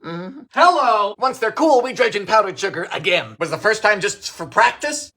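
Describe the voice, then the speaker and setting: Animated, bright-voiced man hosting a cooking show. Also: high voice, normal speed. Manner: theatrical, jumps between shouts and deadpan mutters. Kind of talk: comedic vintage recipe narration.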